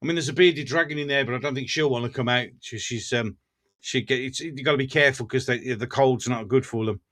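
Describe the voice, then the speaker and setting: Speaking fast in a mid-range voice with a bit of brightness, the Black Country livestream host goes through viewer comments in casual conversation. Jokes and laughter come up often.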